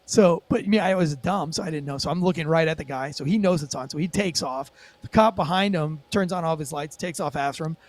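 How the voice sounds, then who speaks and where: A man, a former police officer, telling a story as a guest in a casual podcast interview, animated and profane with lots of fillers. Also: a little high, a little fast.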